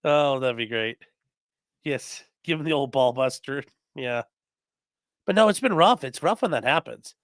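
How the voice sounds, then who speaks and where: A man's voice: mid-range voice, a little slow, no room sound, clean studio sound. A man who works as a defense attorney, telling courtroom stories in a casual, profane way and acting out the people he quotes. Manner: profane, animated storytelling with acted-out quotes. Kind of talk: casual livestream chat.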